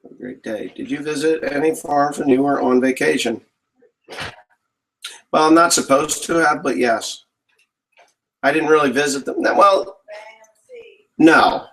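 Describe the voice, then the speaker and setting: A man's voice: on the high side, moderate pace, pauses often, a bit bright, low-quality recording. A man, a farmer, casually answering viewer questions in a rambling, joking way. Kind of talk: casual live Q&A chat.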